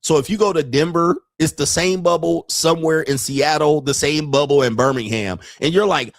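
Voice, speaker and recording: A man hosting a casual commentary show, talking bluntly and profanely, laughing often and rising into animated disbelief. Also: on the high side, moderate pace, hardly any pauses, no room sound, clean studio sound. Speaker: podcast host.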